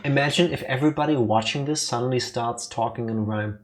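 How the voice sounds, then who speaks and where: A man co-hosting a let's play, chatting casually and reading game dialogue aloud with a playful, punning manner. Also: mid-range voice. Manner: playful, punning, quick asides.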